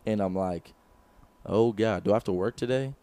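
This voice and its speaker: A man's voice: on the low side, moderate pace. A young man co-hosting a podcast, telling a story in casual chat, swearing often and acting out what others said. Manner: animated, swears a lot, acts out quotes. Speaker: podcast co-host. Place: small room, close mic.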